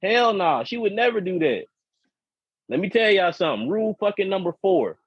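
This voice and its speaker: Husky man telling crude stories. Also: high-pitched, very animated, moderate pace, no echo. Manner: profane, repetitive storytelling. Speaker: podcast co-host. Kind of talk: casual podcast chat. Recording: dull lo-fi podcast audio.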